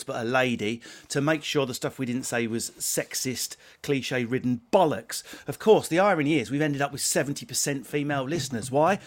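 A man's voice: a little high, fairly bright tone. A man hosting a podcast, talking in crude, joking banter. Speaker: podcast host. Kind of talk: comic podcast monologue.

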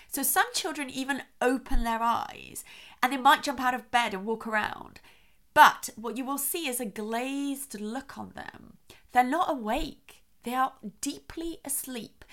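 A woman hosting a parenting podcast, explaining calmly and checking in with her listeners. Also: on the high side. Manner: warm, reassuring, checks in with "okay?". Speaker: child sleep expert host.

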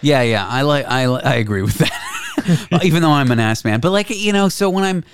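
A man's voice: a little high, animated, normal speed, slight background noise. A man hosting a podcast, talking in a frank, rambling, self-deprecating way. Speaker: podcast host. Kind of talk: casual candid chat.

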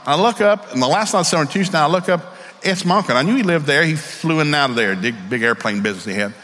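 A man's voice: on the high side, expressive, fast talker, fairly bright tone, in a large hall. A middle-aged man with a Southern American accent, preaching a storytelling sermon in a folksy, candid way and acting out the voices in his stories. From Southern United States.

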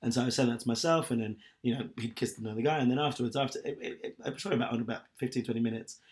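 A man's voice: mid-range voice, racing, darkish tone. A young man chatting candidly and at length, rambling with lots of fillers. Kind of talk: casual chat.

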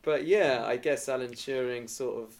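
A man's voice: medium pitch, normal speed. A man co-hosting a casual podcast, talking reflectively and hesitantly, repeating words as he thinks. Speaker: podcast co-host. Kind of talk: casual conversational chat.

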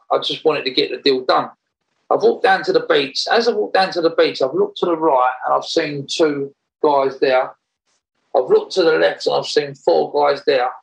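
A man recounting a story in a casual interview, animated and rambling, often laughing as he talks. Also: a little high, gravelly, low-quality recording. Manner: animated, laughs while telling, rambling restarts. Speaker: interview guest.

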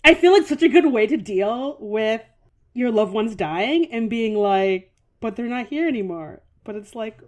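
A woman's voice: on the high side, unhurried. Frank, sweary woman co-host. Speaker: podcast co-host. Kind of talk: casual podcast chat.

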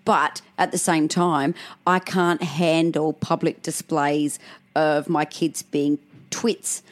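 A woman's voice: low voice, little pitch movement, slow pace. A woman, co-hosting a casual chat. She talks candidly and acts out quotes in comic voices. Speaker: podcast co-host.

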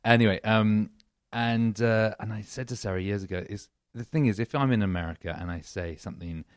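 A man's voice: fairly low pitch, fairly quick, dry recording, clean studio sound. A man with an English accent, a comedy duo member chatting in a podcast interview, rambling and self-deprecating with frequent laughs. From England.

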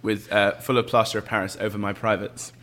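A man's voice: on the low side, little pitch movement, brisk, a bit bright, a little hiss or hum. A man from England with an accent from Bath, an actor chatting as an interview guest, with many fillers and frequent laughter. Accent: English, from Bath. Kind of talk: casual interview chat.

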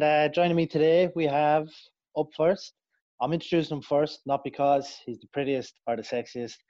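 A man leads a relaxed sports podcast chat, ribbing his friends as he introduces them. His voice sits at an everyday middle pitch. The sound is dull and lo-fi, like an online call. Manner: jokey, teasing introductions. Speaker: podcast host.

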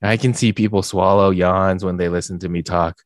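A young man hosting a podcast in casual chat, rambling with lots of fillers and getting animated when he jokes. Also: sits low, brisk, dry recording. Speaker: podcast host.

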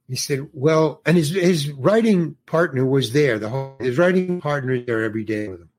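A man's voice: medium pitch, expressive, fairly quick, few pauses, a little mellow. A man in his eighties from New York, a guest on a podcast, telling a rambling anecdote and acting out the dialogue as he goes. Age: 80s. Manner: rambling storyteller who acts out quoted dialogue.

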